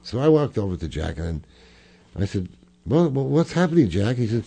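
A man's voice: mid-range voice, sing-song, brisk, vocal fry, mellow, slightly rough. An older man, a jazz clarinetist, reminiscing in an interview, rambling with fillers and restarts.

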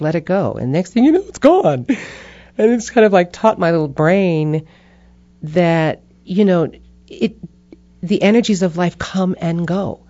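Brief: expressive woman interviewee, dark mellow tone, slightly dull audio. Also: low-pitched, dry recording. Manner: expressive, animated, acts out inner voices. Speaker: interview guest. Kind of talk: reflective conversational storytelling.

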